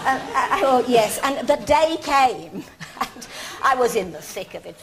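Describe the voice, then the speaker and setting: A woman's voice: on the high side, animated, unhurried, crowd noise. Laughing woman telling funny stories. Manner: self-mocking storyteller, laughs often. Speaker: guest. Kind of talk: chat show interview.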